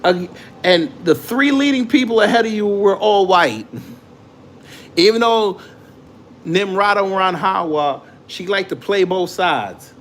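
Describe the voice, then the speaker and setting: A man's voice: high voice, animated, a little slow, a bit bright, slight background noise. A man hosting a casual reaction commentary show, joking and mocking the clips he plays, and often breaking into laughter. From immigrant to the United States.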